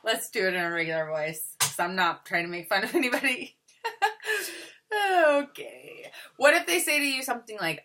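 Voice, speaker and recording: A woman's voice: medium pitch, animated, unhurried, long pauses, pushed and bright. A young woman leading a sales team, talking casually in a chatty, upbeat way with many ums and restarts. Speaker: team leader.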